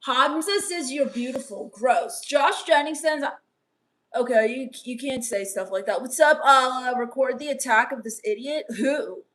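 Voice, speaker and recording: A woman with a high, slightly slow voice plays a sullen goth teen vampire on a comedy live stream. She reads the chat aloud and answers with scornful, deadpan, sarcastic put-downs.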